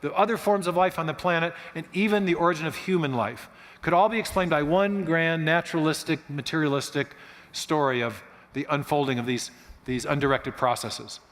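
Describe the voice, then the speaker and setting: A man giving a lecture-style storytelling talk as a guest speaker, animated and clearing his throat now and then. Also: fairly high pitch, brisk. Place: church auditorium. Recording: long church-hall reverb.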